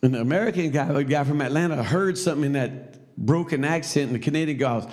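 A man's voice: fairly high pitch, fast, a little mellow. A man teaching a Sunday school class, telling a story in a loose, conversational preaching style with asides to the class.

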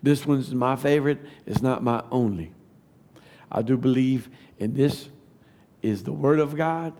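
A man, giving a testimony sermon that builds to fervent shouting. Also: mid-range voice, a little slow. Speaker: preacher.

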